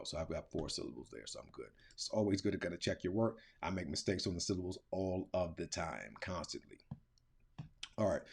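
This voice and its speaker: A man's voice: low voice, a little mellow, husky. A middle-aged man teaching, walking through a lesson in a casual, thinking-aloud way, with filler words and slang. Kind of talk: screen-recorded classroom tutorial.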